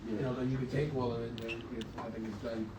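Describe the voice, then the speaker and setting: A man's voice: mid-range voice, flat delivery, quick pace, recorded from a distance. A man in a casual studio conversation, talking in a laid-back, slangy way that trails off and restarts. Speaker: studio owner talking business. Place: studio room. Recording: roomy sound from off-mic, faint noise.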